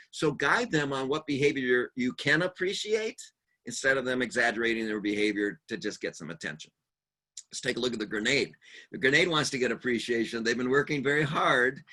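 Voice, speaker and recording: A man leads a conference workshop with a bright, forceful voice. He talks in a lively, humorous way, mixing advice with stories. He often slips into the voices of the people he describes. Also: mid-range voice, fast, slightly rough. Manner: humorous storyteller acting out quoted voices; lively, animated delivery. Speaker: seminar speaker.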